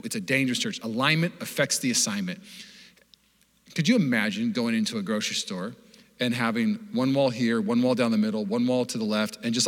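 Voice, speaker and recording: A young man from Washington state preaching a sermon as pastor, animated and joking in a conversational way. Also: medium pitch. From Washington state, USA. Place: church hall. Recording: long hall reverb.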